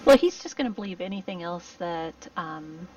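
A woman's voice: lowish voice, expressive, moderate pace, darkish tone, slight background noise. A woman playing a tabletop game, bantering playfully in character. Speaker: player. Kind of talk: casual in-character play. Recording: distant, slightly dull mic with faint music.

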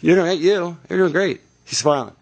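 A man directing actors on set, giving quick, encouraging instructions with frequent restarts. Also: on the high side, vocal fry. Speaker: film director.

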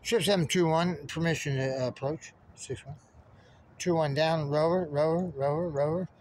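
A man's voice: fairly high pitch, steady tone, normal speed, a little mellow, slight background noise. A man in a rambling monologue, muttering strings of numbers and codes to himself. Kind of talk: stream-of-consciousness monologue.

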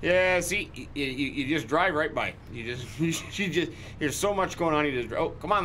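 A man narrates his farming game in a folksy, rambling way, full of jokey asides and sudden exclamations. His voice sits a bit high for a man and rings bright and forceful, with faint ambient noise behind him. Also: animated, a little fast, few pauses. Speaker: gaming channel host. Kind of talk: in-character let's-play commentary.

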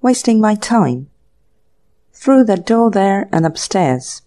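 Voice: medium pitch, very animated, takes it slowly, dark tone. A narrator voicing a truculent, very old woman shopkeeper with a forbidding, brusque manner in an audiobook.

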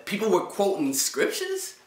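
Man hosting a faith channel, casual and slangy, fairly high voice, echoey room. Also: wildly swooping pitch, normal speed. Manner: conversational, slangy, often asks "right?". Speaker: Christian video host. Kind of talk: casual talk to camera.

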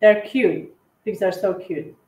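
A woman co-hosting a live cookie-decorating tutorial, chatting in a halting way with lots of fillers and restarts. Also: mid-range voice, creaky, warm tone, echoey room, poor audio. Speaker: cookie decorating livestream co-host. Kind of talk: casual tutorial chat while decorating.

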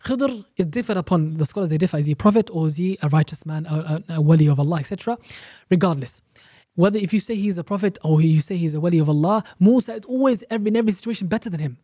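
A man's voice: high-pitched, very fast, hardly any pauses, mellow, dry recording, studio quality. A man, an Islamic teacher guest on a podcast, explaining a religious story emphatically with rhetorical questions and repeated phrases.

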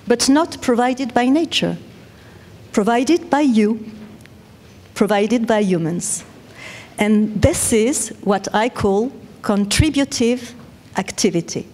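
A woman with a French accent giving a measured, explanatory conference talk. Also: medium pitch, darkish tone. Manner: measured, explanatory, with self-corrections. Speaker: conference speaker.

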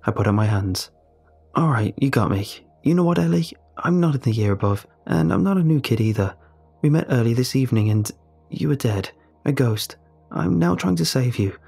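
A man calmly narrating a first-person horror story in a measured, storytelling way. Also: medium pitch, vocal fry, slightly rough, soft background music.

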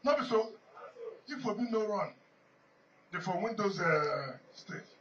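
A man's voice: high voice, animated, slow, a bit bright, recorded from a distance, dull audio, a little hiss or hum. A Nigerian man, a politician, giving an emphatic, rambling off-the-cuff speech with lots of repetition. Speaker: politician addressing a gathering.

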